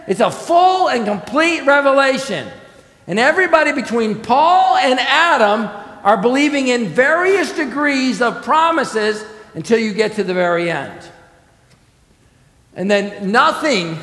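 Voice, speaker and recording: A man preaching an expository sermon as pastor, emphatic, asking the congregation questions and letting his phrases fall away softly. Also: very high voice. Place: church sanctuary. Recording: echoey church hall.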